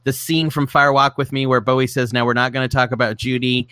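A man co-hosting a podcast, talking in a casual, halting way with many restarts. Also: mid-range voice, level tone, sharp tone, clear, resonant tone, dry recording. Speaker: podcast co-host. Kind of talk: casual chat.

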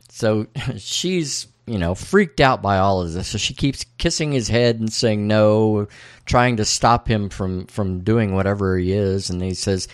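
A man's voice: fairly low pitch, unhurried, clean tone, no room sound, clean studio sound. A man hosting a casual podcast, recapping a TV episode in a laid-back, profane, amused way. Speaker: podcast host.

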